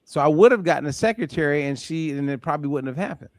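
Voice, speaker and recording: A man hosting a group call, telling an animated story and acting out the voices of people in it. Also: a little high, quick pace, no echo. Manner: animated, acts out voices in anecdotes. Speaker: host. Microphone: call audio.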